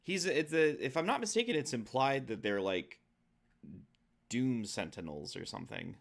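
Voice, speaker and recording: A man's voice: mid-range voice, animated, normal speed, vocal fry. A man co-hosting a casual comics podcast, chatting and guessing about stories. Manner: chatty, speculative. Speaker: podcast co-host. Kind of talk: casual chat.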